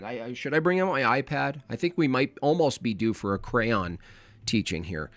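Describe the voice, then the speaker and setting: A man's voice: mid-range voice, lively intonation, moderate pace, fairly bright tone, no room sound. A man hosting a live reaction stream, arguing combatively and mocking his opponents, sometimes mimicking them in silly voices.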